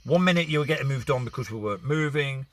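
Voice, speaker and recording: A man's voice: mid-range voice, lively intonation, fast talker, dry recording. A man from Bournemouth, chatting casually and telling stories to camera outdoors. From Bournemouth, England. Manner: chatty, storytelling, with restarts. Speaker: vlogger. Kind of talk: casual chat.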